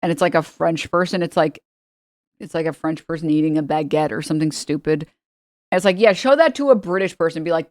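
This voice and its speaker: A woman's voice: deep voice, brisk, darkish tone, no room sound, studio quality. A woman giving sarcastic, profane reaction commentary on an interview clip. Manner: sarcastic, profane, mocking impressions. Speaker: commentary streamer.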